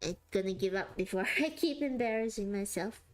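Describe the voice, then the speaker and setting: A woman's voice: mid-range voice, a little fast, soft background music. A woman streaming live while she draws, chatting casually with viewers and laughing often. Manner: giggly and chatty, often laughing mid-sentence. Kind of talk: casual livestream chat.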